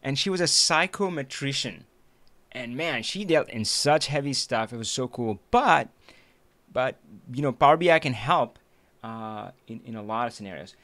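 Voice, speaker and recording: A man hosting a live stream, chatting casually with an animated manner, laughing often and restarting his sentences. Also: medium pitch, moderate pace. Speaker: livestream host.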